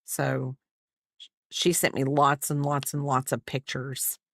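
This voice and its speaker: A middle-aged American woman from the United States livestreams while crocheting, rambling and chatting casually as she answers viewers between stitches. Her voice is rumbling and low with a creaky quality, a level tone, and a measured pace. The recording is clean studio sound with no room sound.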